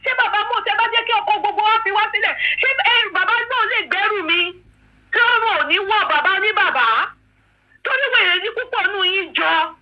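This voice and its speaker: A woman's voice: extremely high pitch, quick pace. A woman, mixing English and as she emphatically scolds her commenters on a live stream. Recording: dull lo-fi live-stream audio.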